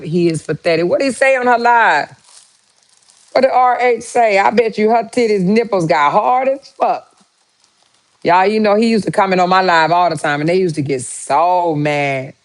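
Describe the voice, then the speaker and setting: A woman hosting her own vlog, reacting out loud to news with exclamations and lots of swearing, talking straight to her viewers. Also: on the low side, poor audio. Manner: profane, exclamatory, talks to viewers. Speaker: vlogger host. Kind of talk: casual reaction commentary.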